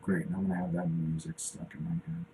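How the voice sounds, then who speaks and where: A man's voice: deep voice, sing-song, fast, gravelly, noisy background. A man in his forties chatting casually on a live stream while he draws, rambling and talking to himself as he works. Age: 40s. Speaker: cartoonist streaming while drawing.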